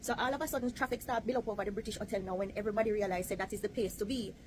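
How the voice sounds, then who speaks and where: A woman from Jamaica with a Jamaican accent, telling a history story in chatty patois with lively asides. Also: mid-range voice, racing, a little hiss or hum, low-quality recording. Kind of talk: casual storytelling to camera.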